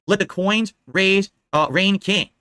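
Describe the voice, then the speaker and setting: A man's voice: high-pitched, slow pace, pushed and bright, smooth. A man hosting a live political commentary stream, talking indignantly and rambling, with many "all right?" asides.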